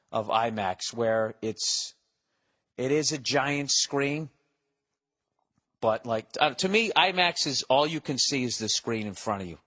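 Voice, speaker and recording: A middle-aged man talks alone into his podcast mic, ranting with constant swearing and sarcastic, mock-angry asides. His pitch sits in a typical male middle range. A long reverb trails behind his voice. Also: a bit bright. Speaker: comedian podcast host. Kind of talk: casual solo monologue.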